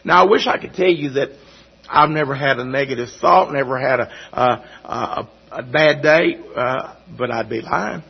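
Gravelly-voiced man preaching a testimony. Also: mid-range voice. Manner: halting, repeats words, folksy storytelling. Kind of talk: sermon testimony. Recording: dull lo-fi recording.

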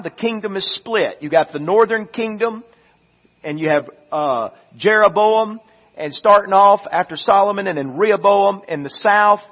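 Pastor guy preaching in church, high voice, slow and emphatic, muffled recording. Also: breathy edge. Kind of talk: sermon.

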